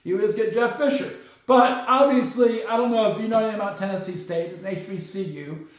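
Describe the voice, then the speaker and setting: A man's voice: high voice, fairly quick. A man hosting a solo sports podcast, ranting his opinions and tagging points with "okay?". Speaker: podcast host. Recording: very echoey room.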